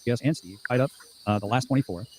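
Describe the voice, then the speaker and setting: A man hosting a casual livestream, reading viewer comments aloud in a fast, profane and combative way. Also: medium pitch, slight background noise. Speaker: livestream host.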